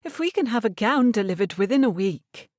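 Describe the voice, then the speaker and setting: A woman's voice: a little high, lively intonation, a little fast, darkish tone, no echo, studio quality, pitched above the performer's own voice, close to an everyday voice. A woman narrator voicing a stern, controlling middle-aged mother in an audiobook, speaking in an imperious, clipped manner. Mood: anxious, insistent.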